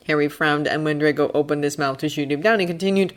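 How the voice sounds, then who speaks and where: A woman reading fan fiction aloud as storybook narration, expressive and animated. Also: low voice, fast talker, hardly any pauses.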